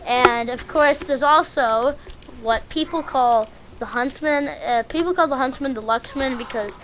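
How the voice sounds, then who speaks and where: A woman's voice: high voice, measured pace. Rambling woman narrating gameplay, noisy. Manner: rambling, self-deprecating, easily excited. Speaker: game guide presenter. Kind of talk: casual gameplay commentary.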